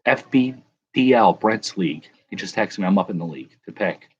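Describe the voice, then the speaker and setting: Husky low-voiced man rambling casually. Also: animated, fairly quick, highs cut off. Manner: rambling, self-correcting, chuckling. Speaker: livestream host. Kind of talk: casual chat reading viewer comments.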